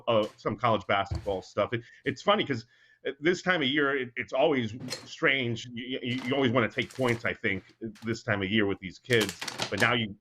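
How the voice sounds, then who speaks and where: A man's voice: lowish voice, fairly bright tone, a little hiss or hum. A man joining remotely as a guest handicapper, friendly and stammering with repeated words. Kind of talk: casual sports betting talk. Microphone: remote call over the internet.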